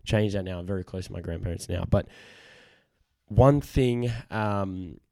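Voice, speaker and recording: Husky-voiced man, earnest podcast host. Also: deep voice, a little slow, warm tone, dry recording, clean studio sound. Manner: earnest, rambling, repeats words. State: husky voice from a cold. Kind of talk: casual solo podcast monologue. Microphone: studio podcast microphone.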